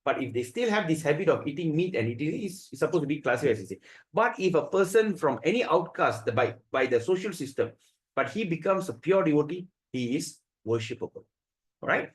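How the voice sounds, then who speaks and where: Guy teaching a devotional class, fairly high voice, really expressive, keeps restarting sentences. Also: fairly quick, poor audio. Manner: animated storyteller who acts out the voices, with frequent restarts. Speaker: spiritual teacher. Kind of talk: devotional scripture class storytelling.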